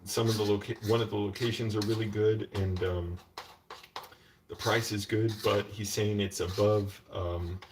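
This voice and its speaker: A man's voice: fairly low pitch, fairly even intonation, moderate pace. A man ranting at home in a live stream, telling a long story with many fillers and restarts. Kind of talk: casual rambling rant. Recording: distant mic with faint background noise.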